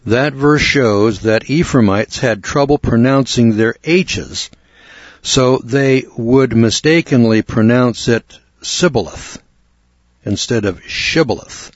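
A man from the United States teaching a Bible lesson in a measured, deliberate way, now and then clearing his throat. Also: mid-range voice, dry recording. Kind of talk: explanatory Bible lecture. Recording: dull, dry recording.

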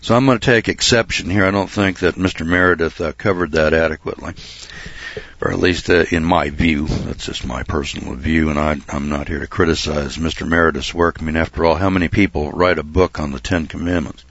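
Deep-voiced man preaching. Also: fairly even intonation, a little fast, fairly bright tone, dry recording, muffled recording. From United States. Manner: folksy, digressive, frequent uh and clearing throat. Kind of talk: sermon with Bible study.

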